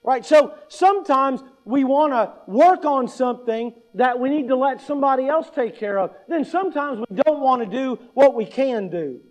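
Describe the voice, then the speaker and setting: A man's voice: extremely high pitch, expressive, normal speed, hardly any pauses, poor audio. A male pastor preaching conversationally, posing questions to the congregation and telling humorous everyday stories. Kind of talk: sermon.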